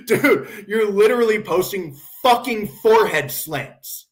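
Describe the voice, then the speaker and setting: A man's voice: high voice, animated, unhurried, fairly bright tone. A man hosting a commentary stream, ranting sarcastically and mocking others in put-on quotes. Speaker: podcast host.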